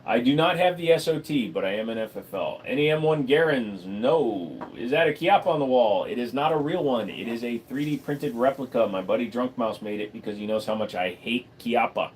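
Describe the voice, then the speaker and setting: A man hosting a casual livestream from a room at home, answering viewers' questions with blunt, deadpan, crude humor. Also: medium pitch, fairly quick, hardly any pauses, slight background noise. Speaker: livestream host. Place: room at home full of computer gear.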